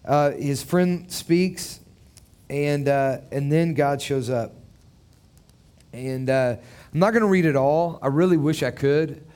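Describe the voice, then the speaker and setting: A man's voice: a little high, takes it slowly, darkish tone, clean tone. A man preaching a sermon in a conversational, joking way, with many fillers and restarts. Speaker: pastor.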